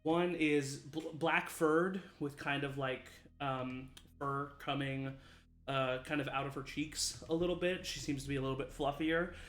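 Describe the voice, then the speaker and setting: A man's voice: medium pitch, level tone, measured pace, a bit bright. Man game master, upbeat and chatty, echoey room. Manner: rambling, laughing, many fillers. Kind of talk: narrating a tabletop game. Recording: echoey room with music behind.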